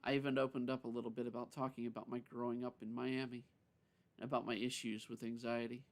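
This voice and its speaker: A man reading a story aloud on a live stream, unhurried, with frequent self-corrections. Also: medium pitch, little pitch movement.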